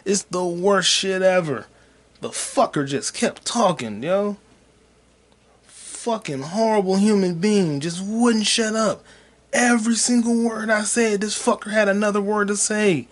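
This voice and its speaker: Profane ranting man, fairly high voice. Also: unhurried. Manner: profane, repetitive, swings from muttering to shouting. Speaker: podcast host and stand-up comic. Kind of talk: casual rant.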